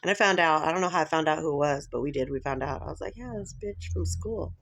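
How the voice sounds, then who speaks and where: A woman's voice: low voice, rapid-fire, fairly bright tone. A woman vlogger talking in a rambling, casual chat to camera, laughing often between thoughts.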